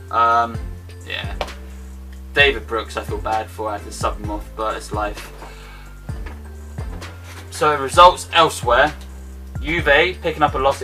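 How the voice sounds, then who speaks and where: A young man with an excitable, self-mocking manner, commentating his own football video game match. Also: mid-range voice, far from the mic. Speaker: gaming YouTuber. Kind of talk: casual gameplay commentary.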